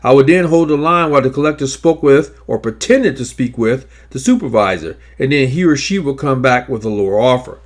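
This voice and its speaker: A man narrating scripted instructions on negotiating debts, in a measured, emphatic coaching manner. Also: medium pitch, expressive. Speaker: credit repair advisor.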